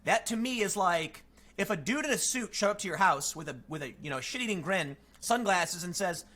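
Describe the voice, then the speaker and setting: A young man on a stream rants in casual commentary, animated and sarcastic. His voice sits high and bright, and his pitch swings all over as he mocks what he is reacting to. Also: brisk. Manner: animated and sarcastic, with frequent mocking quotes.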